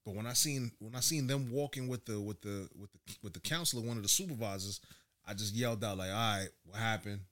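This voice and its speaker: A man's voice: lowish voice, fast talker. A man in his thirties, telling a story animatedly in casual chat as a podcast host. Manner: animated storytelling with laughs and slang.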